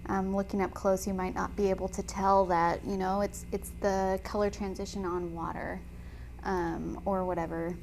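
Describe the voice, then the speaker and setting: A woman teaching watercolor painting in a chatty, enthusiastic way, often pausing with "um" while she talks. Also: mid-range voice, little pitch movement, gravelly, a little mellow, slight background noise. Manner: chatty and enthusiastic, frequent "um" fillers. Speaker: watercolor instructor. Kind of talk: casual tutorial chat while painting.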